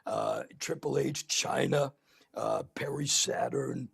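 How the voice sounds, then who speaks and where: A man's voice: mid-range voice, fairly even intonation, slow pace, vocal fry, husky. A man hosting a casual podcast, telling rambling anecdotes full of fillers. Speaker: podcast host. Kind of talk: casual chat, storytelling.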